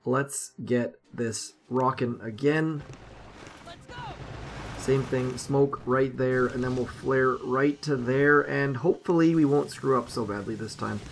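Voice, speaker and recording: A man commentating over his own mobile strategy gameplay, rambling casually and mocking his own mistakes, with sudden excited outbursts. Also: medium pitch, slow pace, creaky, slight background noise. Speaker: gaming commentator.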